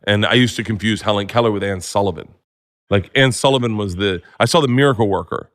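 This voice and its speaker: A man in his forties, a comedian guest, telling stories in casual chat with animated, excited bursts. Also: quick pace. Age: 40s. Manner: animated storyteller, jumps to high excited voices when acting out scenes. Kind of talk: casual storytelling.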